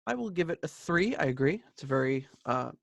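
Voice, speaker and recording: A man's voice: a little high, animated, a little fast, vocal fry, no room sound. A man in his thirties hosting a podcast, chatting casually and rambling about an album, laughing easily. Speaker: podcast host. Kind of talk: casual album review chat.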